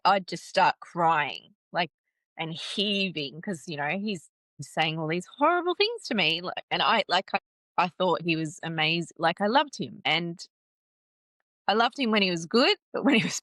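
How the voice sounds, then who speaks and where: A woman recounting a painful personal story in an interview, halting and restarting, with nervous laughs. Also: lowish voice, sing-song, a bit bright, dry recording. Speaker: guest telling her story.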